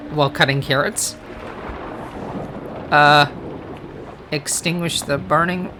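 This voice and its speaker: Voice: medium pitch, background noise. A gamer reading a card game's text aloud, breaking into hesitant casual asides and self-corrections. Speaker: let's play gamer. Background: game music.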